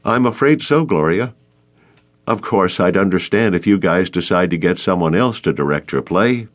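A man's voice: deep voice, expressive, moderate pace. A man reading an audiobook, voicing a stubborn young male teacher who speaks firmly and reasonably. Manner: firm, reasonable.

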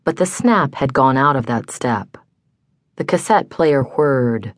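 A woman narrating a hardboiled mystery audiobook in a measured, deliberate first-person telling. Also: extremely low pitch, expressive, no room sound. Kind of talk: scripted narration. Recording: dry studio.

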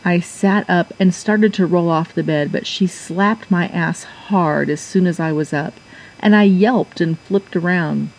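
A woman narrating a first-person erotic audiobook in a measured, intimate storytelling manner. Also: fairly low pitch, rough recording.

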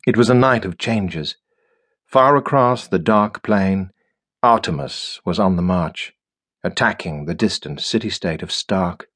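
A man reading a science fiction audiobook in a measured, steady storytelling manner. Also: deep voice. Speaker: audiobook narrator. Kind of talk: scripted narration.

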